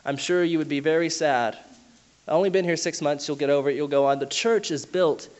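A man's voice: fairly high pitch, fairly quick. A man preaching a sermon in a conversational teaching manner, explaining with asides and self-corrections.

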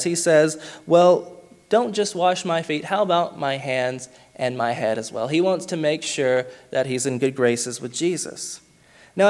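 Earnest preaching man, slightly high voice. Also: a little mellow. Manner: earnest preaching with slow emphatic stresses on key words. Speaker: pastor. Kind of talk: sermon.

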